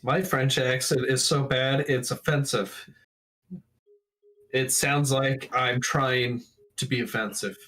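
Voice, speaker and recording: A man co-hosting a gaming stream in casual chat, dropping quick joking remarks. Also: mid-range voice, steady tone, a bit bright, rough recording.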